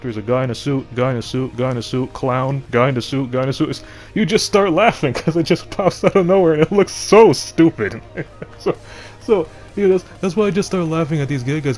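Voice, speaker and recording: A male vlogger talking straight to camera in a loose, rambling monologue at a mid-range pitch. He doubles back on his words and breaks into short chuckles, with faint music underneath. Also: darkish tone. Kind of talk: casual opinion monologue.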